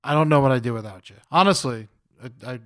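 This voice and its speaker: A man's voice: mid-range voice, fast talker, a bit bright. Wry man co-hosting a podcast. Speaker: podcast co-host. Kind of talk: casual chat.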